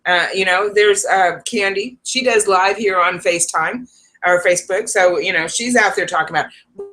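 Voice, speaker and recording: A woman's voice: medium pitch, normal speed, pushed and bright. A woman hosting a casual live stream from home, chatty and laughing often between restarts. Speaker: psychic livestream host.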